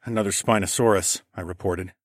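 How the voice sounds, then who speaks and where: A man narrating an audiobook in the first person, in a calm, even, low-key way. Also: fairly quick, no room sound, studio quality.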